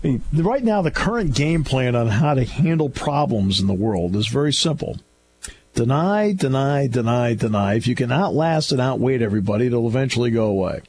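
A man's voice: medium pitch, animated, a little fast, few pauses, a little mellow, slight background noise. A man hosting a talk radio show in a studio, delivering an opinionated, sarcastic and scolding monologue.

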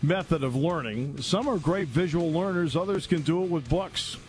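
A man hosting a radio talk show from a studio, telling a story in a casual, animated way and laughing along. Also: on the high side, normal speed, soft background music. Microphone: studio microphone.

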